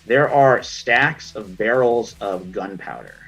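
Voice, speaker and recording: Male game master, husky, easygoing narration, dull lo-fi audio with faint music. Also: lowish voice. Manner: relaxed, with slow descriptive narration.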